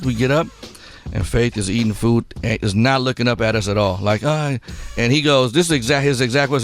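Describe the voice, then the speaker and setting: A man's voice: medium pitch, fairly quick. A male radio show host telling a long story on his talk show and acting out the voices in it. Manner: animated, acts out quotes, rambling.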